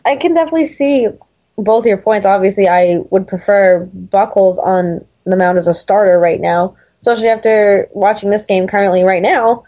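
Mellow-voiced woman, muffled sports chat. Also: mid-range voice, normal speed. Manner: talkative, restarts often. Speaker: podcast co-host.

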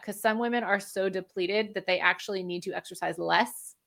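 Bright-voiced woman explaining health habits. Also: medium pitch, fairly even intonation, moderate pace, gravelly. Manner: explanatory, laughs often. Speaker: functional medicine practitioner, guest. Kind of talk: conversational interview.

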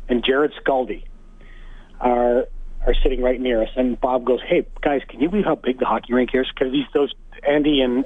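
Over a thin, phone-like line, a man tells hockey stories in a relaxed, chatty way. He laughs between anecdotes and sounds like a former coach calling in to a radio show. The sound is close and dry, with no room around him. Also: mid-range voice, no echo. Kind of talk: casual storytelling on sports radio. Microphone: phone call.

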